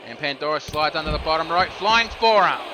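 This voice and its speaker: A man with a fairly high voice gives solo play-by-play of a video game wrestling match, calling each move in a steady stream. He jumps up in pitch and volume when a pin is kicked out of or a move is reversed. Clear background noise runs under his voice. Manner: steady move-by-move calls, rising sharply on near falls and reversals. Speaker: play-by-play commentator.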